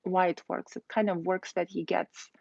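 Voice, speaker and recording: A woman's voice: lowish voice, flat delivery, moderate pace, creaky, a little mellow, no room sound, muffled recording. A woman streaming live, giving blunt dating advice in a chatty, casual way, full of "like" and "you know". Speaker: dating coach. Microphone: phone.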